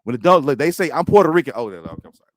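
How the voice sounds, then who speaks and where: A man co-hosting a casual wrestling chat stream, joking and animated, often stammering as he restarts his sentences. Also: medium pitch, very fast, no echo. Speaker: podcast co-host.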